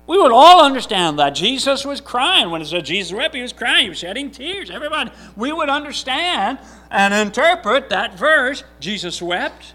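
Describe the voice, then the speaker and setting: A man's voice: extremely high pitch, very animated, normal speed, bright, forceful tone. A man reading scripture aloud and then preaching a sermon, earnest and emphatic, repeating his key points with frequent restarts.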